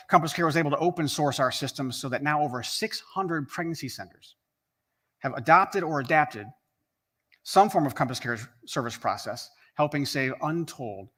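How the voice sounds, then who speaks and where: A man's voice: fairly high pitch, moderate pace, fairly bright tone. Man giving an earnest, emphatic rally speech. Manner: earnest, emphatic, repeats phrases for rhetorical build. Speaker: rally speaker. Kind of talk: scripted speech.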